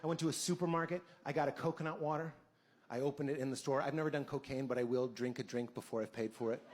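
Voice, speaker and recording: A man doing a stand-up set in a dry, deadpan way. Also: medium pitch, fast, heavy background noise. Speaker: stand-up comedian.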